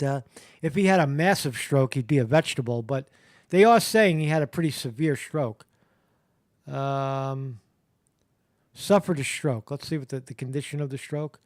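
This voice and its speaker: Halting, crude-talking man with a fairly high voice. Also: darkish tone, dry recording, studio quality. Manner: halting, filler-heavy, crude and blunt. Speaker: live show host. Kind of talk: live-stream commentary reading headlines.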